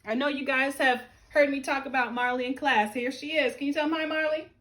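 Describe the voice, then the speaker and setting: A woman's voice: high-pitched, fairly even intonation, fairly quick, fairly bright tone. A woman teacher giving a remote phonics lesson to young children, with an encouraging, sing-song classroom delivery. She is recording from home. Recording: roomy echo.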